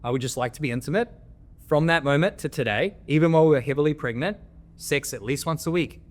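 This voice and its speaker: A man's voice: on the high side, quick pace. Blunt, foul-mouthed man. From Australia. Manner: blunt, swears freely, coaching tone. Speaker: podcast guest, men's coach. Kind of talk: candid interview storytelling.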